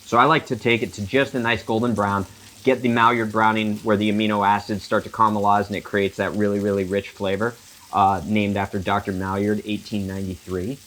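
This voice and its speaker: A man's voice: lowish voice, level tone, fairly quick, fairly bright tone, a little hiss or hum. A middle-aged man hosting a casual cooking demonstration, chatty and explaining each step with joking tangents. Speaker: chef and cooking show host.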